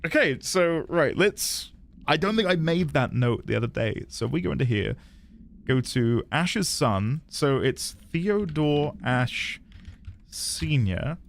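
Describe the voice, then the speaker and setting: Lively man streaming a game. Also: fairly high pitch, slow, gravelly. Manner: chatty, thinking aloud and chatting with viewers. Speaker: streamer playing a video game. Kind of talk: casual live-stream commentary.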